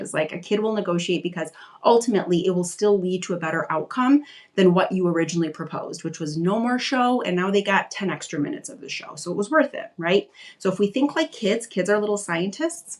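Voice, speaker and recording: Chatty woman coaching parents. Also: on the low side. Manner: conversational, reassuring, frequent "like" fillers. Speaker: parenting coach answering viewer questions. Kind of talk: casual live Q&A advice. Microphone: live video stream.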